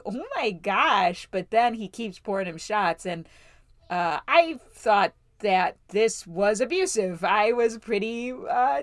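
A woman's voice: mid-range voice, no room sound, studio quality. Hesitant, rambling woman co-host. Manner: rambling, hesitant, laughs easily. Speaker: podcast co-host. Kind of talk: casual chat.

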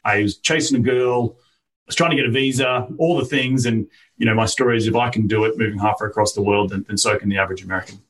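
A man's voice: fairly low pitch, fairly even intonation, quick pace, fairly bright tone. An upbeat Australian man in his thirties, a guest in a podcast interview, telling his story in a talkative way and laughing easily. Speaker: guest entrepreneur. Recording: voice a little distant from the mic.

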